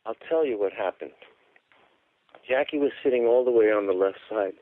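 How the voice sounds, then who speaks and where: Over a tinny phone line, a man with a lowish voice recounts his story as a radio guest at a moderate pace. He's emphatic throughout, repeating words to drive his points home in this phone-in interview.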